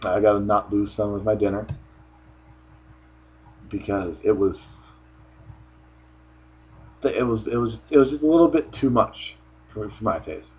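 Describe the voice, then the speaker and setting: A man's voice: fairly low pitch, unhurried, pauses often, a little mellow, husky, dull audio. A man giving a casual solo review of a wrestling show, rambling offhand with frequent restarts.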